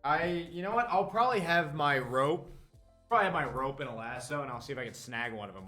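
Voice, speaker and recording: A man's voice: fairly high pitch, expressive, quick pace, pushed and bright, soft background music. A man playing a tabletop game, casual and swearing, trailing off when unsure. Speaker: player.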